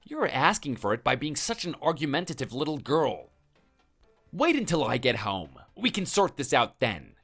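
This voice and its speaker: A man's voice: medium pitch, wildly swooping pitch, moderate pace, a bit bright, faint music behind, exaggerated voice. A man's text-to-speech voice playing a defensive, threatening husband who brushes off his wife. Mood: angry, dismissive. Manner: dismissive, defensive and menacing. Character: hot-tempered threatening husband, adult man.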